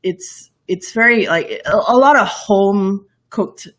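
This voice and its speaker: A young woman from Borneo with a mixed international English accent is a guest in a casual interview, where she works as a cooking show host. She talks at a slow pace with a medium pitch and a fairly bright tone, rambling and laughing a lot amid many fillers and restarts.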